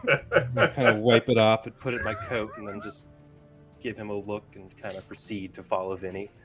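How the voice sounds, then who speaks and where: Man, tabletop player, casual with fillers, lower voice. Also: wildly swooping pitch, brisk, over music. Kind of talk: describing actions in a tabletop game.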